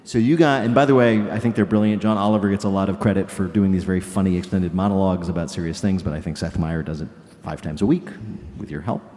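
A man hosting a panel, asking measured, thoughtful questions. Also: sits low, fairly even intonation, dark tone. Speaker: host. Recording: long hall reverb.

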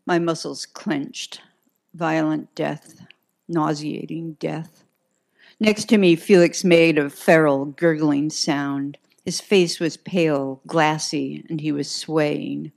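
A woman with a low voice narrates a first-person crime story. Her reading is crisp and dry, with a sardonic edge in the dialogue. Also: fairly even intonation, slow, darkish tone. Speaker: audiobook narrator.

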